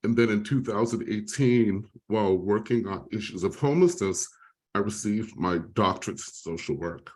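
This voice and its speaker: A man's voice: fairly low pitch, moderate pace, darkish tone. A middle-aged man giving a talk on a video call, telling his own recovery story, close to tears and apologetic at times. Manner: emotional, tearful at moments, apologetic. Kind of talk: presentation with personal testimony.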